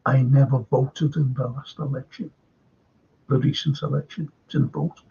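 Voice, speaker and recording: A man's voice: medium pitch, steady tone, normal speed, vocal fry, dark tone, husky. An older man with a Liverpool accent hosting a live stream, chatting casually and reading out viewer comments in a meandering way with many restarts. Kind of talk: rambling casual chat. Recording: dull lo-fi stream audio.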